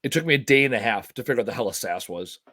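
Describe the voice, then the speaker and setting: A man's voice: mid-range voice, expressive, very fast, bright, forceful tone. Rambling, blunt man hosting a podcast. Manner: rambling storyteller, swears casually; blunt, joking asides. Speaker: podcast host. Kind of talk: casual podcast chat.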